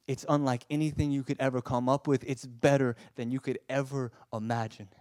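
A man preaching a sermon with passion, swinging from loud urging to a soft hush and often stammering and repeating words. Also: mid-range voice, flat delivery, fairly quick, no room sound, studio quality.

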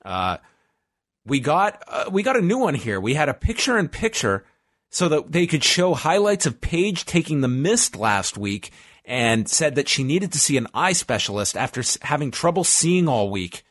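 A man's voice: fairly high pitch, sing-song, moderate pace, a bit bright, dry recording. A man co-hosting a casual podcast, recapping events step by step with dry asides. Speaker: podcast co-host recapping wrestling. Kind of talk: casual chat.

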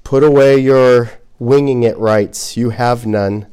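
Animated conversational male preacher. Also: medium pitch, slow pace, smooth. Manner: conversational, animated, acts out quotes. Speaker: pastor. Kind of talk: sermon.

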